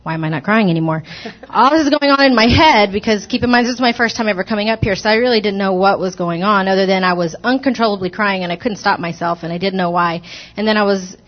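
In a church sanctuary, a woman gives her personal testimony to the congregation, hesitant and earnest, restarting often. Her medium-pitched voice is fast with few pauses, and the audio sounds dull.

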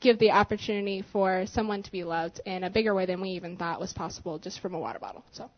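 A woman sharing a testimony in church, telling her story in a giggly, animated way. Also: medium pitch, fast. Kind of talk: spontaneous testimony to a congregation. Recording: dull lo-fi church recording.

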